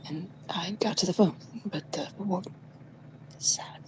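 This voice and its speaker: A woman's voice: medium pitch, steady tone, takes it slowly. A woman co-hosting a casual chat show, rambling and joking, often dropping to a near whisper. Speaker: co-host.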